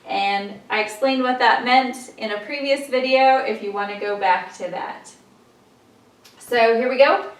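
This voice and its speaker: A woman's voice: on the high side, measured pace. A woman teaching a memory lesson in a patient, encouraging way, guiding listeners through a rhythmic chant. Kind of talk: classroom-style lesson. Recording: echoey room, distant mic, loud background noise.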